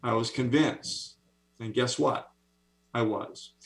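A man's voice: mid-range voice, slow pace, creaky, low-quality recording. A man in his seventies telling stories with enthusiasm as an interview guest on a video call. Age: 70s. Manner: enthusiastic, animated storyteller. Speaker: author and speaker, interview guest. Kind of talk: interview storytelling.

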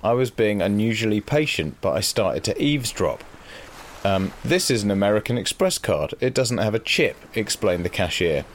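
Co-host, man, lowish voice, dry and self-deprecating, reads letters, faint room hiss. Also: very animated, moderate pace. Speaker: podcast co-host. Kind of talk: casual podcast chat.

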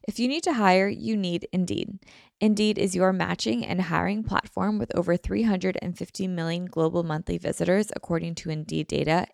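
A woman reading scripted sponsor ads in a smooth, promotional delivery. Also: fairly low pitch, darkish tone, no echo, studio quality. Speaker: ad reader. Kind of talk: scripted podcast ad read.

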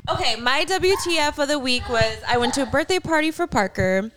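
A woman co-hosting a casual podcast, telling a funny story with animated, laughing delivery. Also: high-pitched, brisk, background noise. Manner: animated, laughs through her stories. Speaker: podcast co-host. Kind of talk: casual chat.

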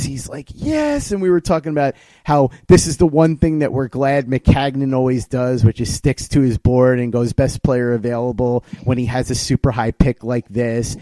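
A podcast host with a warm, mellow voice recounts events with building excitement. The sound is dry and close, with no room around him. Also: male voice, medium pitch, dry recording. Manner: excited storytelling, animated retelling. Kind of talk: casual podcast chat.

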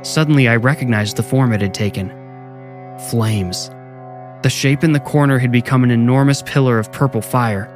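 A man narrating a scripted first-person horror story in a measured, low-key way. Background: music.

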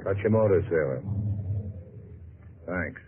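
An actor playing a terse, tough boat captain in a 1950s radio drama. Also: male voice, low voice, animated, takes it slowly. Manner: terse, clipped. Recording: tinny lo-fi old radio broadcast with hiss.

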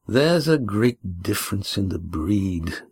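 A man voicing a stern, proud old sea captain who speaks slowly and disdainfully in an audiobook. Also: on the low side, lively intonation, breathy edge, exaggerated voice. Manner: slow, commanding and disdainful.

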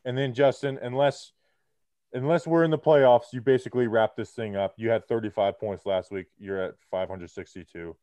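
A man co-hosting a casual sports podcast, talking in an animated, joking way, his voice muffled behind a face shield on a video call. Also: medium pitch, moderate pace, dry recording. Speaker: podcast co-host. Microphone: muffled behind a clear face shield.

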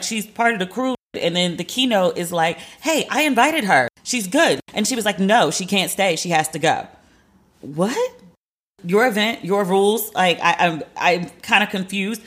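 Woman, thirties, podcast host, casual monologue, animated, profane, acts out quotes. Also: lowish voice.

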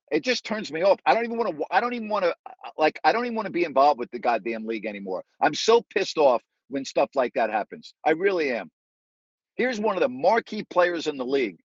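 A man's voice: a little high, dry recording, highs cut off. A man hosting a live audio sports talk show, ranting in an indignant, repetitive, emphatic way. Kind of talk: angry sports talk monologue.

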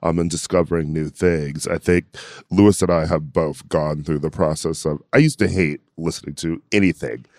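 A man with a very deep voice interviews a guest, recorded close and dry. He halts often and restarts his sentences. He fills the gaps with "um" and "like.". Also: fairly even intonation, a little mellow, dry recording. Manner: halting, searching for words. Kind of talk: casual interview chat.

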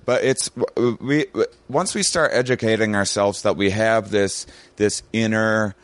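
A man's voice: on the low side, a little slow, dry recording. A man who is a comedian guest in casual chat, laid-back and explanatory, swearing freely.

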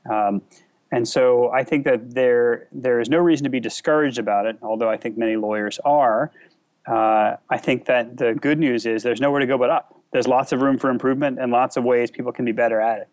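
A man speaking as a guest in a conversational interview, thoughtful and measured, with frequent filler pauses. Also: mid-range voice, fairly even intonation, darkish tone. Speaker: interview guest, company CEO.

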